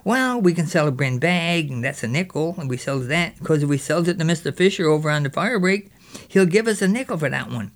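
Brief: a man playing a mischievous boy spinning a yarn, slightly high voice. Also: fairly quick. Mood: boastful. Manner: lively yarn-spinning with local dialect. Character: mischievous boy telling a raiding tale. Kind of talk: character storytelling.

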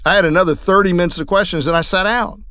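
A man, a trial lawyer, telling courtroom stories in a lively way, acting out what others said. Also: high-pitched, fast talker, smooth, no echo, clean studio sound. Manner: lively, acts out quoted voices. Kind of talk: anecdotal storytelling talk.

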